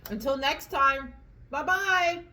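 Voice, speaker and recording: A woman's voice: high voice, takes it slowly, pushed and bright, rough recording. A woman hosting a casual eating vlog, chatting in a rambling way with fillers while she eats at home. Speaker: vlog host. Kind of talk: casual chat at the dinner table.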